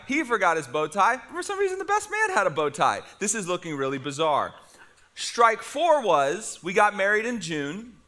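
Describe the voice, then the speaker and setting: A middle-aged man preaching a sermon, telling a story with lively humor to his congregation. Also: high voice. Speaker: pastor.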